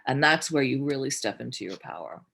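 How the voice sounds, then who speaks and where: A middle-aged woman from New Jersey, a filmmaker guest in a candid interview, blunt and quick to swear, acting out the people in her stories. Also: very deep voice, gravelly, husky. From Newark, New Jersey, USA. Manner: blunt, swears freely, animated storytelling with voiced quotes.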